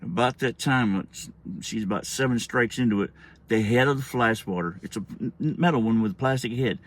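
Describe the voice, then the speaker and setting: A man's voice: mid-range voice, fairly quick. A middle-aged man telling a rambling, profane story in a casual vlog. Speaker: storyteller vlogger.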